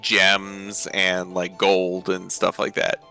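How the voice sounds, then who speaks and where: A man running a tabletop game as dungeon master, slow and halting with plenty of "uh". His voice is bright, with faint music in the background. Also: sits low, monotone, vocal fry. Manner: halting, many "uh" fillers.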